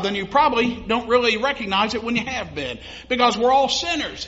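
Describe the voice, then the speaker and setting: High-voiced, bright-toned man preaching. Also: expressive, fairly quick. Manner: conversational preaching, laughs at own stories, rises to emphatic. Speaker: pastor. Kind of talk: sermon. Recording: dull lo-fi sound.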